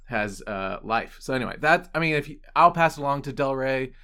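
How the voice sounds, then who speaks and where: A man's voice: medium pitch, expressive, brisk, bright, forceful tone, clear, resonant tone. A man with a mid-range voice hosts a casual interview. He asks long, chatty questions that wander before they reach their point.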